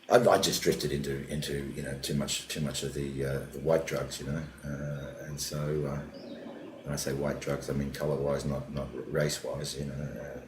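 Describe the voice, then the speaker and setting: An older man with an extremely deep, low voice, telling animated stories and sometimes dropping to a muttering aside. The room is echoey and has a faint hum of ambience behind him. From Australia. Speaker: comedian guest. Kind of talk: casual interview storytelling.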